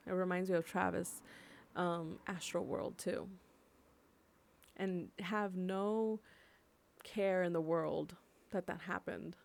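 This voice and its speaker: A young woman from California giving impassioned personal commentary on camera, emotional and swearing freely, slowing down to stress her points. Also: lowish voice, steady tone, vocal fry. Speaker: vlogger.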